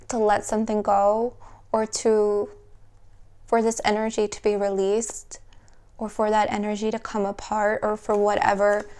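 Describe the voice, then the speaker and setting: A woman giving an intuitive tarot reading, talking softly and slowly in a dreamy way, often trailing off and starting her sentences again. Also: mid-range voice, clean tone. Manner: soft, slow and dreamy, trailing off and restarting; emotional, at times laughing through tears. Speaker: tarot reader.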